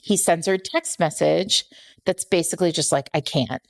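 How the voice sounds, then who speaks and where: A podcast co-host chats casually about books, retelling a story and correcting herself often. Her fairly low voice has vocal fry, fairly even intonation and a normal speaking speed.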